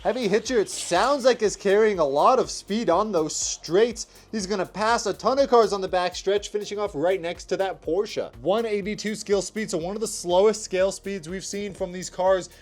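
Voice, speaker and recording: A young man hosting his channel, giving energetic play-by-play commentary on toy car races. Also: high-pitched, normal speed, hardly any pauses. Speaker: toy car race host. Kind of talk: race commentary vlog.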